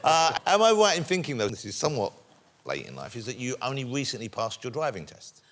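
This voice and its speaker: A man's voice: medium pitch, huge pitch swings, fairly quick, some chatter behind. A man hosting a TV chat show, asking his guest questions in a teasing, playful way. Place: TV studio with a laughing audience. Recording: loud studio audience and noise.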